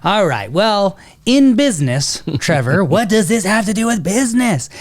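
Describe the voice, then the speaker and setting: Lively, laughing man hosting a business talk. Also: high-pitched, normal speed. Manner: lively, laughs often, acts out quoted people. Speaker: co-host of a business talk show. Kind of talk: casual business talk with storytelling.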